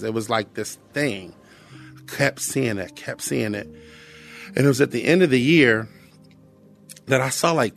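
A man's voice: mid-range voice, gravelly. An earnest middle-aged American man sharing a personal testimony, reflective, often repeating phrases. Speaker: guest sharing his testimony.

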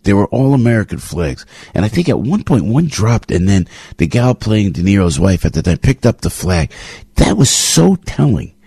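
A man's voice: sing-song, moderate pace, slightly rough, no room sound. An older man, hosting talk radio in a fired-up, rambling opinion monologue. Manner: fired-up, rambling, swings from low to loud. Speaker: radio talk show host.

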